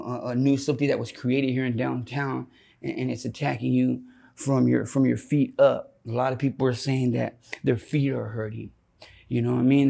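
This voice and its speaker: A man speaks in a candid interview with a gravelly, rough-edged voice. His tone is dark and low-lit. He rambles through profane stories and acts out friends' voices when quoting them. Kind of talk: candid street interview storytelling.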